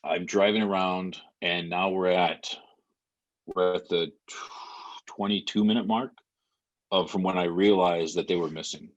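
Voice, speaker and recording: A man's voice: sits low, steady tone, unhurried, lo-fi sound. A man in his thirties, a podcast guest, telling an emotional story with lots of fillers. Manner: vivid retelling with many fillers.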